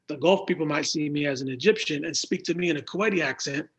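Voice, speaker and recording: A man's voice: fairly high pitch, quick pace, a bit bright, husky. An American man talking as a guest in a casual remote interview, easygoing and reflective as he tells stories. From United States. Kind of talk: casual interview over a call.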